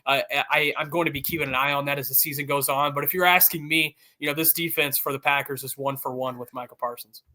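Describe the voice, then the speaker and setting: Male beat reporter, raised pitch, crisp bright delivery, informed and steady. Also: quick pace, few pauses. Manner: fluent, informed, explanatory. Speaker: sports reporter. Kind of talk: guest analysis in an interview.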